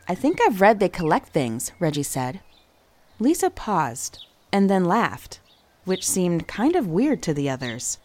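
A woman reading a children's mystery story aloud, giving each character an expressive voice. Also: lowish voice, normal speed. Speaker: audiobook narrator. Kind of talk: storybook narration.

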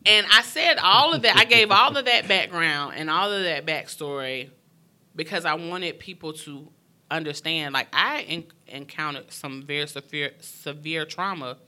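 A young woman candidly telling a personal story, talking frankly and emotionally in quick bursts. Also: sits low, expressive, bright, forceful tone. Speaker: guest sharing her story.

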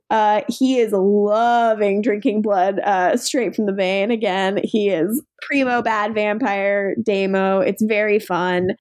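A woman's voice: medium pitch, steady tone, slow pace, darkish tone, smooth. A woman co-hosting a podcast, recapping a TV episode in casual chat, giggly and sarcastic, acting out quotes. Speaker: podcast co-host.

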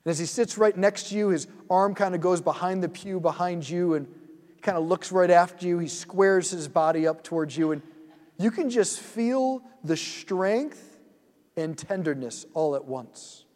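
A man leading a guided prayer meditation in a church hall, speaking gently and soothingly and often dropping to a hush. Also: high voice, moderate pace.

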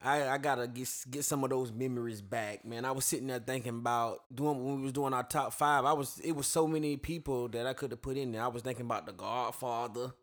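A man co-hosting a sports talk show, speaking casually and a little haltingly. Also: medium pitch, fairly even intonation. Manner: easygoing, hesitant, slangy. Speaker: sports podcast co-host.

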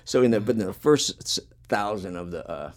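A man's voice: on the low side, expressive, fairly quick. A man chatting casually as host, telling long rambling stories with plenty of swearing and filler words. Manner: rambling, profane, laid-back storytelling. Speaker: podcast host and punk musician. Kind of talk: casual chat.

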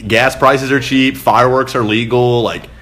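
A young man co-hosting a casual podcast, joking with lively banter. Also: medium pitch, moderate pace. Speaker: podcast co-host.

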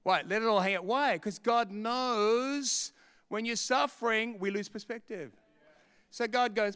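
A man with a high, bright and crisp voice preaches to his church. He mixes in jokes and funny stories and laughs often. The tone stays clear and lively the whole way through. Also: moderate pace, in a large hall. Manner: humorous storytelling, laughing often. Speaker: pastor. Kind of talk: sermon.

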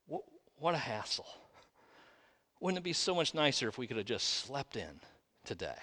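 Pastor, male, high-ish voice with wide pitch swings, rhetorical sermon delivery, recorded in a reverberant sanctuary. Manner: lively preaching with rhetorical questions. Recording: long reverb of a large room.

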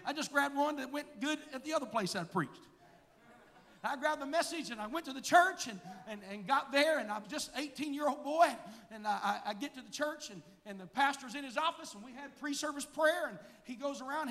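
High, sharp-toned preacher in a church. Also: male voice. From United States. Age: 40s. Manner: storytelling preacher swinging from hushed to shouting. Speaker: pastor. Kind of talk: sermon. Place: church sanctuary. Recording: reverberant church sanctuary.

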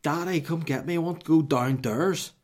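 A man voicing his two-year-old daughter, high and insistent. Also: moderate pace, lightly acted. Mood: pleading. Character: little girl, two years old, insistent.

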